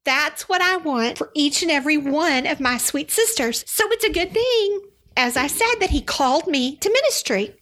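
At normal speed, this Texas podcast host talks in a high, animated, somewhat bright voice while seated at her studio mic. Leading her Christian devotional show, she's emotional and effusive, teary and sniffling throughout.

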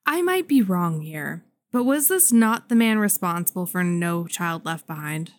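A woman's voice: on the low side, unhurried. A woman in her thirties co-hosting a podcast, chatting casually and telling a story with lots of laughter. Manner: playful, laughing, animated storytelling. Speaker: podcast co-host. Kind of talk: casual chat.

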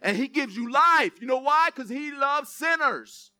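A young man preaches a sermon in a high, bright voice. He mixes loud, emphatic exhortation with self-mocking asides, moving fast between the two. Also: animated, no echo. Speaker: pastor.

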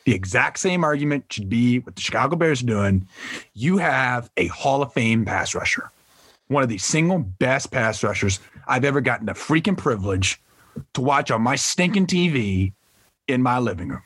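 Husky-voiced man ranting about sports. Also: medium pitch, expressive, moderate pace, a bit bright, no echo. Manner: emphatic, ranting, repeats points. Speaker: podcast host. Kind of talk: casual sports debate.

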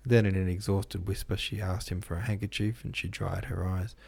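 A man narrating a classic novel as an audiobook host, in a measured, even storytelling manner. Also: deep voice, creaky, breathy edge. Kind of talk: scripted literary narration.

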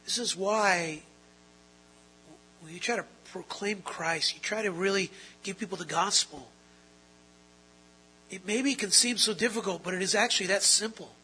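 High, sharp-voiced man preaching a sermon. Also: moderate pace, pauses often, slight background noise, low-quality recording. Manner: earnest preaching, rising to loud emphatic stretches; asks the audience rhetorical questions. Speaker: pastor. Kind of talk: expository sermon.

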